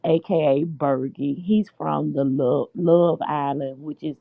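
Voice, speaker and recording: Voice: mid-range voice, takes it slowly, gravelly, no room sound. A podcast host from the United States chatting casually and dishing reality-show gossip, calling listeners "child" and "honey.". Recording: dry, tinny phone-like line.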